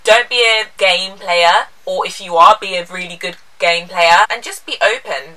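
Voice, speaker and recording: Bright-voiced young woman chatting. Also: lowish voice, recorded from a distance, poor audio. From England. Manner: chatty, candid, playful. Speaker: lifestyle vlogger. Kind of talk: casual Q&A vlog.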